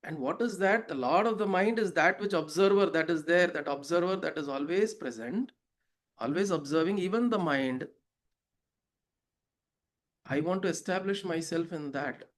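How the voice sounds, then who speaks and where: Speaking as a spiritual teacher, a man explains a verse of scripture in a reflective way, posing rhetorical questions and telling parables. His voice sits on the high side, and he talks at a normal speed.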